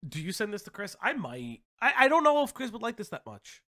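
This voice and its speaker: A high-pitched man hosts a casual commentary stream, his bright voice jumping around with excitement. He often breaks into shouts and laughter and swears freely. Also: a little fast.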